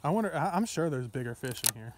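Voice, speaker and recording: A young man from Ohio narrating his fishing trip outdoors in an excitable, casual vlog manner, talking to viewers as he fishes. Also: a little high, fast talker, a little hiss or hum. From Ohio, USA. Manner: excitable, talks to himself and viewers, frequent exclamations. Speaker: fishing vlogger. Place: outdoors by a pond.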